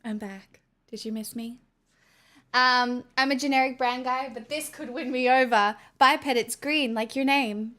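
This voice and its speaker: A high-voiced woman with an Australian accent chats casually to her livestream audience. She is playful and self-mocking, rambling between jokes. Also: fairly even intonation, unhurried, pushed and bright. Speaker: streamer.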